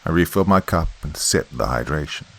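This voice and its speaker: A man reading a scripted horror story as podcast narrator, in a measured, steady storytelling manner. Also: extremely low pitch, vocal fry, poor audio.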